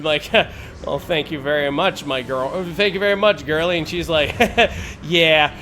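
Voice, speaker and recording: A man in his forties, a live streamer, telling a story in a casual, animated and profane way with frequent laughs. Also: a little high, fairly quick, a little hiss or hum.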